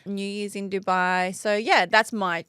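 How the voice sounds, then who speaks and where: A woman's voice: mid-range voice, steady tone, a little slow, fairly bright tone, clean tone, no room sound, clean studio sound. A woman, co-hosting a podcast in casual chat, joking and laughing often. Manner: chatty, laughs often, self-mocking jokes. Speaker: podcast co-host.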